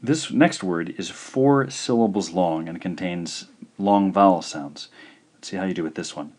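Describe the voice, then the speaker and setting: A man teaching a language lesson, sounding out words slowly and carefully, syllable by syllable, in a patient, encouraging way. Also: sits low, darkish tone. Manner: slow, careful syllable-by-syllable pronunciation. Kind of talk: slow instructional lesson.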